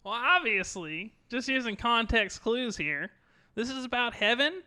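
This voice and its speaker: A young man co-hosting a casual gaming podcast, joking around and running a quick-fire quiz. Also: extremely high pitch, animated, bright, forceful tone, smooth.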